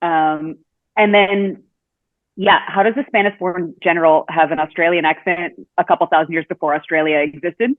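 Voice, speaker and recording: A woman's voice: fairly low pitch, steady tone, moderate pace, no echo. A woman, a podcast guest, chatting casually with lots of hesitant fillers and restarts. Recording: tinny phone-like call line.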